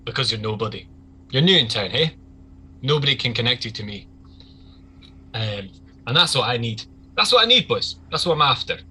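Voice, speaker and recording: A man voicing a blustering male gang boss who swings from shouting to mock politeness. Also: mid-range voice, normal speed, long pauses, husky, poor audio. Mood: oily menace.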